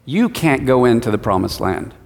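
A preacher voicing a stern, blunt God. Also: male voice, mid-range voice, sing-song, normal speed, vocal fry, darkish tone, pitched below the performer's own voice. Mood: reproachful. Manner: blunt, reproachful. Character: stern male God scolding a leader. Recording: long hall reverb.

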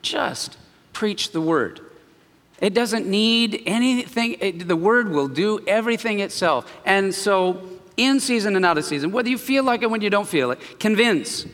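A man preaching a sermon, telling a personal story with animated swings between quiet and loud. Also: high-pitched, normal speed, big-room sound. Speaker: pastor.

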